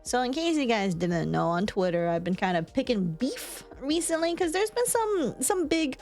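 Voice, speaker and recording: A woman's voice: on the high side, sing-song, normal speed, a little mellow, soft background music. A young woman streaming casual chat from home, rambling, laughing often and swearing. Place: home room.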